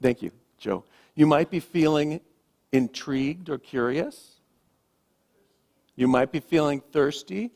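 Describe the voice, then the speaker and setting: A man, a minister, giving a gentle, reflective sermon with slow, emphatic pauses, speaking to a congregation in a church. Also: on the high side, lively intonation, gravelly. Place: church sanctuary.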